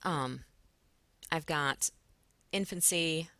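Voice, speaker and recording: A woman's voice: low voice, very slow, sharp tone, dry recording. A woman English teacher giving a recorded lesson, explaining patiently with frequent fillers.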